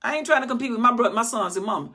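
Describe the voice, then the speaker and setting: Older woman Bible teacher, folksy and animated, husky worn voice, acts out the verses. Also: on the high side, very fast. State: voice recovering, slightly worn.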